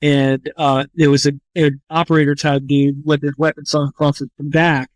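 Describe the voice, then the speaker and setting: Man, trauma surgeon guest, slightly high voice, dry close sound, blunt and profane storytelling. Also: flat delivery, moderate pace, dry recording. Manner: blunt and profane, with frequent restarts. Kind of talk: casual spoken storytelling.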